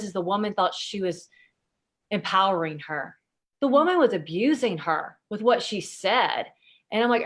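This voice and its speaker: A woman's voice: medium pitch, moderate pace. A woman speaking as a podcast guest, telling personal stories candidly, emotional, with plenty of fillers and free swearing. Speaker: podcast guest, intuitive consultant. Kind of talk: candid conversational storytelling.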